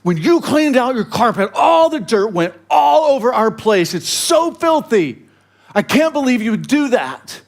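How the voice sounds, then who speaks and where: A man's voice: extremely high pitch, sing-song, unhurried, gravelly, voice pushed up, full character voice. A man voicing an angry female neighbor who scolds him over a mess. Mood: indignant. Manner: indignant, accusing.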